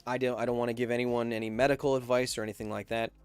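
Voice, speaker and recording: A man's voice: medium pitch, little pitch movement, racing, clean tone, faint music behind. A man in his thirties hosting a casual livestream podcast, chatting loosely and jokingly reading viewer messages aloud. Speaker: podcast host reading live chat.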